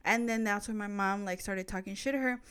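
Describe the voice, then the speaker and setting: A woman's voice: medium pitch, fairly even intonation, a little fast, fairly bright tone, smooth. A woman telling a story in casual conversation, chatty and blunt, with frequent swearing. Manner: chatty and profane, speaks bluntly.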